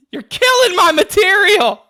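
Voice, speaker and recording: A man's voice: very high-pitched, big pitch swings, slow, pushed and bright, dry recording. A man co-hosting a podcast, teasing and crude in casual comedic banter. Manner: teasing, crude, laughing often. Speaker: podcast co-host.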